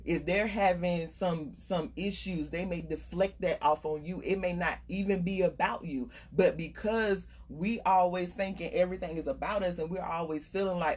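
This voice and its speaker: A woman's voice: fairly low pitch, moderate pace, hardly any pauses, a little mellow, slight background noise. A middle-aged woman coach giving casual, emphatic motivational talk about staying unbothered. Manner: earnest, conversational, emphatic. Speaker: life coach.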